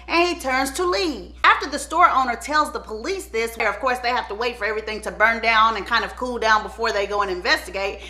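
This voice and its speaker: A woman hosting her channel, telling a true-crime story in a chatty, animated way and acting out the people in it. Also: high-pitched. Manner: animated, chatty, acts out the quotes.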